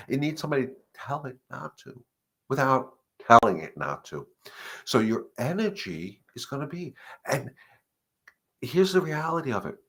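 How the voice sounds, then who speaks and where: A man's voice: medium pitch, fairly bright tone. A middle-aged man speaks in an everyday mid-range voice. He coaches dog owners during a live session, earnest and emphatic. He drives his points home by repeating them. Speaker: dog trainer hosting a live Q&A. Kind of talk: live-stream advice talk.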